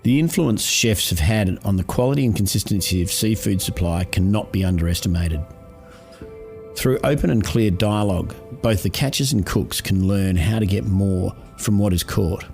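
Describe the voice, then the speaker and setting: Man, lowish voice, scripted narration, measured, informative, soft background music. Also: gravelly. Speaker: podcast narrator.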